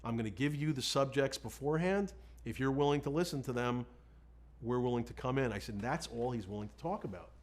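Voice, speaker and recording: A man's voice: medium pitch, fairly quick. Male defense lawyer, candid storyteller, quotes conversations, wry and self-deprecating. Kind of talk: storytelling in an interview.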